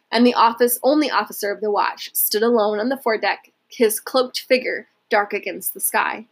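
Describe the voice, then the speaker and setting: A woman reading a historical novel aloud at a steady, measured pace. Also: medium pitch. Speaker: narrator.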